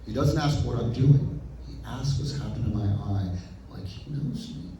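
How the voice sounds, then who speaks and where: A man being interviewed as an actor guest, telling stories animatedly and acting out his own past thoughts in quick asides. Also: mid-range voice, background noise. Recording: roomy echo, picked up from a distance.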